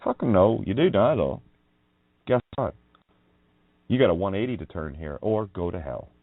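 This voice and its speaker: A man's voice: low-pitched, lively intonation, normal speed, dry recording. A man hosting a radio show, ranting in a profane, mocking monologue and laughing often. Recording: dry, tinny phone-like line.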